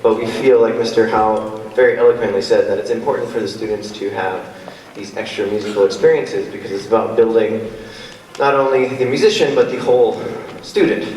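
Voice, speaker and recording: A man's voice: fairly low pitch, steady tone, fairly quick, darkish tone, a little hiss or hum. A slightly winded man addresses a concert crowd as the conductor, chatty and full of small restarts. His voice is picked up from a distance in a big, echoey school gym with a long reverb tail. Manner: friendly, rambling, with fillers and restarts. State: a little out of breath. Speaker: band conductor. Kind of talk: spoken concert introduction. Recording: echoey gym heard from far off.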